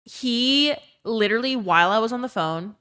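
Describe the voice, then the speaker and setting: A woman's voice: on the high side, animated, normal speed, a bit bright, smooth. A young woman streamer in casual chat, ranting with plenty of swearing and reading chat messages aloud. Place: her own emptied bedroom.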